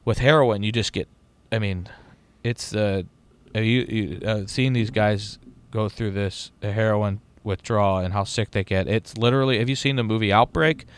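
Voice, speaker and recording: A man's voice: fairly low pitch, fairly even intonation, normal speed, few pauses, smooth. A middle-aged man in casual chat as a podcast host, rambling and profane with lots of restarts.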